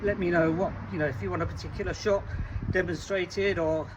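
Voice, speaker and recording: A man's voice: sits high, steady tone, a little fast. A man from Italy chatting casually about cricket outdoors on a windy day, rambling and self-deprecating as he demonstrates shots. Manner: chatty, self-deprecating, trailing off mid-sentence. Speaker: cricket vlogger. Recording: distant mic, dull sound, wind and traffic noise.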